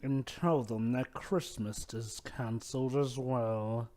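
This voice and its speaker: A man's voice: mid-range voice, fairly even intonation, slow, a little mellow. A man cracking playful puns during a casual movie commentary. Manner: playful, punning. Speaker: commentary group member.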